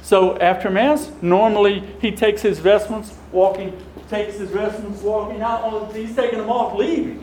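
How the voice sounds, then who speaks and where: Animated folksy deacon. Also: male voice, high-pitched, normal speed, few pauses, a little hiss or hum, poor audio. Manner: folksy, animated storyteller who acts out quotes. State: tearful at times. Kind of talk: storytelling talk to a parish audience.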